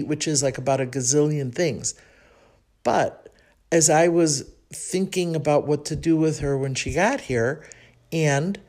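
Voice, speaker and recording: A woman with a Chicago accent hosts her own podcast and tells a story from her life. She speaks in a chatty, reflective way and thinks aloud. Her talk is full of small pauses and restarts. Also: low-pitched, darkish tone. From Chicago, United States. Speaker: podcast host. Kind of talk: personal storytelling monologue.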